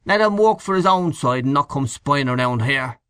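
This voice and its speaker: A man voicing a grumpy old caretaker in an audiobook reading, speaking gruffly and curtly. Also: mid-range voice, lively intonation, normal speed, a bit bright, dry recording, studio quality, voice pushed up, lightly acted. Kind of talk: audiobook character voice.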